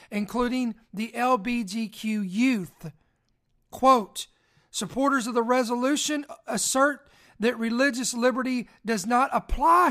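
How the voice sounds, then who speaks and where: Woman, live-stream news host; deliberate emphatic reader, repeats key phrases, frequent small restarts, addresses the audience directly. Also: high-pitched. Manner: stumbles and restarts words while reading. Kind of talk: live commentary reading news aloud.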